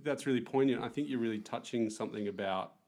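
A man's voice: mid-range voice, fast talker, a little mellow. A man co-hosting a casual podcast chat, playful and rambling, often restarting his phrases. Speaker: podcast co-host.

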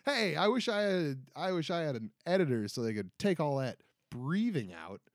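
Rambling young man, lively pitch. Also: normal speed, dry recording, clean studio sound. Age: 20s. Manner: rambling, self-deprecating, frequent restarts and "right?". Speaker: podcast host. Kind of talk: casual solo podcast rant. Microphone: close podcast mic.

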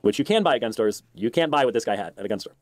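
A man commenting in a played clip, speaking haltingly with frequent pauses. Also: medium pitch, lively intonation, dry recording, studio quality.

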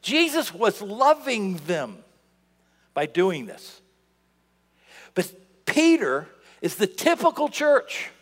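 A man preaching with a lively, swooping delivery, his voice sitting a little high for a man. He jumps from loud outbursts to hushed asides. The sound carries a long reverb from the church around him. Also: slow pace, pauses often. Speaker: pastor. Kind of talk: sermon. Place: church sanctuary.

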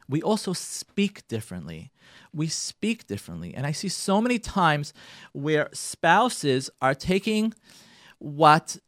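A man's voice: fairly high pitch, a bit bright, dry recording, studio quality. A man hosting a radio talk segment, giving marriage advice in an impassioned, repetitive way with Hebrew and Yiddish terms mixed in. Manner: emphatic, repeats phrases, sprinkles Hebrew and Yiddish terms. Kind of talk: impassioned monologue.

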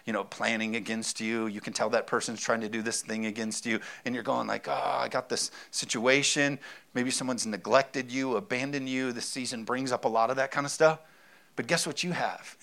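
A male pastor delivers a sermon in a relaxed, conversational tone. He leans hard on his main points and comes back to the same phrase again and again. His voice sits at an ordinary, middle pitch for a man. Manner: conversational, emphatic, repeats key phrases.

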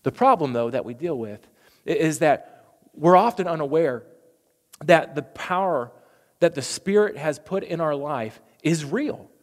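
A man preaching a sermon, telling a story earnestly and building up to forceful proclamations. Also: a little high, expressive, a little slow, in a large hall.

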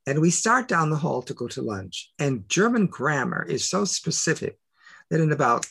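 An older man telling personal stories as an interview guest, emphatic and full of rhetorical questions, with a gravelly voice. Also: a little high, big pitch swings, normal speed, fairly bright tone. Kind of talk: animated personal storytelling.

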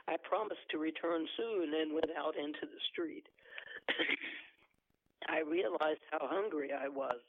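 Gravelly man reading over a phone. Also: fairly high pitch. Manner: measured reading, with occasional self-corrections. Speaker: author reading his novel. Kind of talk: book reading and phone interview. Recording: tinny phone line.

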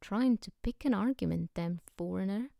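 A woman's voice: medium pitch, moderate pace, vocal fry, warm tone, no room sound, studio quality, lightly acted. A woman voicing a grumpy, suspicious young male poet who speaks curtly and irritably in an audiobook reading. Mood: irritable. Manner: curt and irritable.

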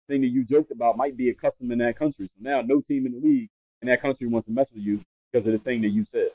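American male podcast host, rapid blunt delivery, mellow dark tone, dry close sound. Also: medium pitch, dry recording, low-quality recording. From United States. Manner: fast, blunt and emphatic, repeating points. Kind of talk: advice podcast monologue.

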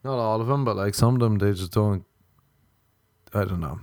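A man's voice: fairly low pitch, a little slow, long pauses, a little mellow, no room sound. A man in a casual monologue, ranting sardonically and swearing often.

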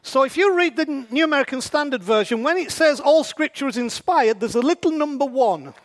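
A man with a strikingly high-pitched voice gives a sermon. He keeps it conversational and often stops to ask the congregation rhetorical questions. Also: animated, brisk. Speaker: preacher.

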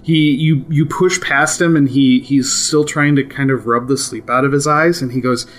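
A man running a tabletop game as game master, narrating in a relaxed, amused way with many fillers. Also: medium pitch, normal speed, faint music behind.

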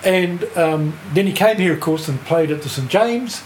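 A man's voice: a little high, animated, normal speed. An older man with a New Zealand accent, a music writer telling a rambling anecdote as a podcast guest, laughing through it and swearing freely. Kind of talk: casual anecdotal storytelling. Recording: echoey room with faint hiss.

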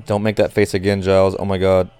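A man reacting live to a baseball game as a nervous fan, cursing, groaning and pleading with the pitcher. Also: completely flat delivery, fast talker, mellow, clear, resonant tone, dry recording, faint music behind. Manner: anxious, profane, swings from groans to outbursts.

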